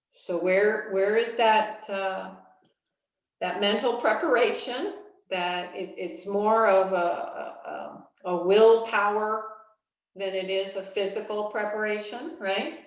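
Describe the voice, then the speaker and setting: A woman yoga teacher talks a class through a breathing practice, slowly and soothingly, with long pauses between her cues. Her voice sits in a middle range and is picked up from a distance, in a strongly echoing room. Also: mid-range voice. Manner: slow, calm, soothing instructions with long pauses. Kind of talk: guided breathing instruction. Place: yoga studio.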